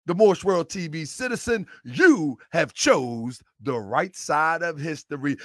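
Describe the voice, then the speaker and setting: A middle-aged man hosting a fiery commentary monologue, who yells often, gets excited and laughs between phrases. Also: fairly high pitch, unhurried, few pauses, dry recording, clean studio sound. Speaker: online commentary host.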